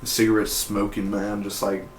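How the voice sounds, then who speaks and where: A man's voice: lowish voice, monotone, normal speed, a little hiss or hum. A man giving a casual, rambling recap review of a TV episode in an offhand, slangy way. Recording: roomy echo.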